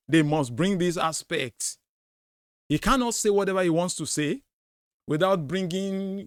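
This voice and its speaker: Male commentary host, high-pitched, insistent and repetitive, close and dry sound. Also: no echo. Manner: emphatic, repeats his points. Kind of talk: commentary on a debate clip.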